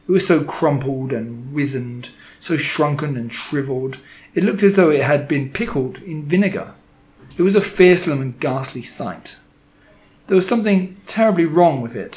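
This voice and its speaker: A man narrating a children's story, with a dramatic, expressive delivery. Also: mid-range voice. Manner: dramatic, expressive reading with shifting loudness.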